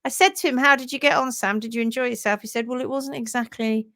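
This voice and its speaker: A talkative woman hosts a casual livestream from her home office. Her voice sits high and she keeps up a friendly running chat, greeting viewers one by one and laughing easily. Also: fairly even intonation, quick pace, a bit bright. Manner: chatty, greets viewers by name, laughs often. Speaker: host of a horse hoof care livestream.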